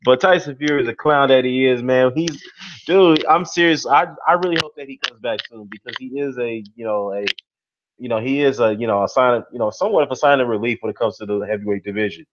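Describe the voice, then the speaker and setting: A man hosts a casual live stream about boxing, filling his talk with "you know" and "man" as he greets the chat. His voice sits at an ordinary middle pitch. The sound is dull and lo-fi. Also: fast, background noise. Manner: rambling, many "you know" and "man" fillers. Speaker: boxing YouTube host.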